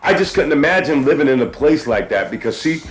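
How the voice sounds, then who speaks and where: Animated man telling stories, stammering. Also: a little high, brisk, faint music behind. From US East Coast. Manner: animated storyteller, stammers and restarts. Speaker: podcast host. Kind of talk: casual chat.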